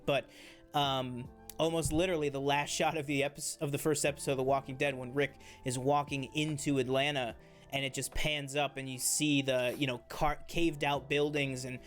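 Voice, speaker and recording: A man's voice: mid-range voice, level tone, a little fast, a bit bright, faint music behind. A man co-hosting a casual TV review chat, enthusiastic and rambling, with many fillers and restarts. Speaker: co-host of a TV review show.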